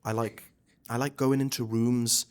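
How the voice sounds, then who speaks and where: A man, a stage actor, talking as a guest in a casual interview, animated and chatty with many restarts. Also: mid-range voice, moderate pace, clear, resonant tone.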